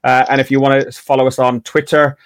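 A man's voice: medium pitch, flat delivery, fairly quick, clean tone, no room sound, studio quality. A man hosting a fan podcast, with a chatty manner full of stammered restarts. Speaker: podcast host. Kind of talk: casual podcast chat.

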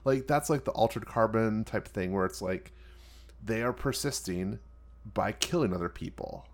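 A man's voice: fairly low pitch, normal speed. A man in casual movie review chat, rambling and hedging with filler words.

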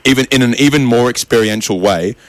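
A man's voice: medium pitch, dry recording. A man co-hosting a comedy podcast, ranting animatedly and joking. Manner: animated, ranting, quick-witted. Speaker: podcast co-host. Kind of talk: comedic banter.

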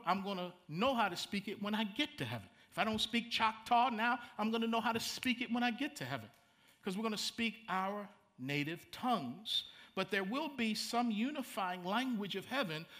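A man's voice: high voice, pushed and bright. A middle-aged man, preaching a sermon in a conversational way, repeating words and making asides to the congregation. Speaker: pastor.

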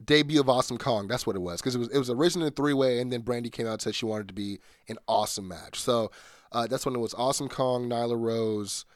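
A man's voice: medium pitch, fast, no room sound, clean studio sound. A man hosting a solo podcast, chatting casually with lots of fillers and restarts. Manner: rambling, many fillers and restarts. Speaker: podcast host.

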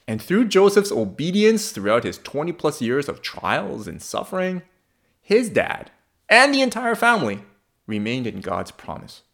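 A man's voice: fairly high pitch, huge pitch swings, moderate pace, gravelly, fairly bright tone. A man preaching a sermon in a conversational, humorous way, asking the congregation questions.

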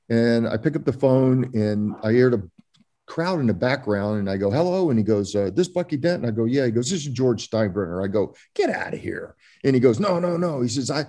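A man's voice: mid-range voice, lively intonation, brisk, dark tone. An older man from Florida, a former ballplayer telling stories in an interview, rambling with many fillers and restarts. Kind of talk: storytelling interview.

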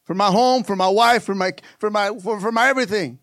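A male pastor delivering a passionate sermon, swinging from soft asides to loud, fervent climaxes. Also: sits high, a little fast, hardly any pauses, no room sound.

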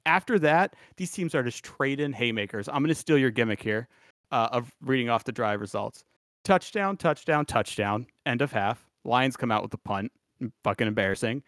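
A man's voice: mid-range voice, a little fast, no room sound. Laid-back man in dry sports chat. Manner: animated storytelling, laughs often. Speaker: podcast co-host.

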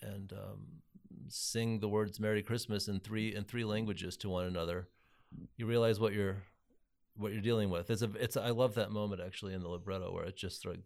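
A composer talking as a guest in a casual interview, halting and repeating words as he thinks, with real enthusiasm. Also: on the low side, fairly even intonation, vocal fry, a little mellow.

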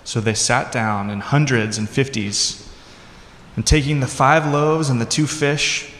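A man's voice: mid-range voice, steady tone, a little slow, fairly bright tone, a little hiss or hum. Man preaching in an echoey hall. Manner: conversational preaching, acts out quoted lines with voices. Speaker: pastor. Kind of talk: sermon. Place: church hall.

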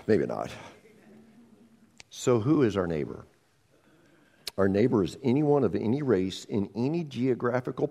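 Animated man preaching a sermon. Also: on the low side, creaky, long reverb tail. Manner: animated, acts out dialogue, swings between loud and hushed. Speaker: pastor.

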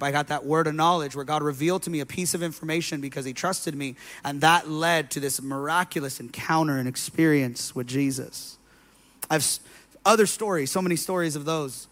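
A man's voice: a little high, fairly bright tone. A man pastor preaching a sermon, telling stories in a loose, conversational way with many fillers.

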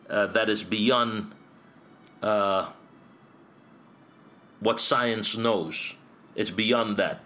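A middle-aged man speaking as a pastor in an interview. He builds his points through earnest repetition, with the steady rhythm of a preacher. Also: fairly low pitch.

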